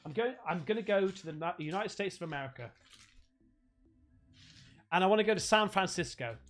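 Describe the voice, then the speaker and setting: A man's voice: sits high, expressive, brisk, a bit bright. A man from England chatting casually on a livestream while opening fan gifts, swearing freely and laughing often.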